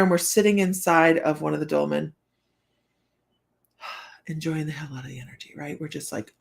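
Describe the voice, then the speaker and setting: A psychic reader hosts a relaxed live stream in a fairly low, creaky woman's voice. Her stories ramble along, chatty and peppered with fillers, and she laughs frequently.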